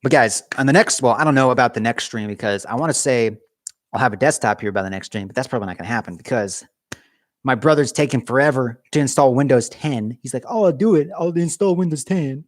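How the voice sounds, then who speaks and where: A male streamer talks loosely to his viewers, rambling from one joke to the next and poking fun at himself. He is cold and sits in a garage, and his mid-pitched voice sounds close and dry, with no room echo. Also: fast talker. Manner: rambling, jokey, self-mocking. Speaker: livestreamer. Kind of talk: casual livestream chat. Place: home garage.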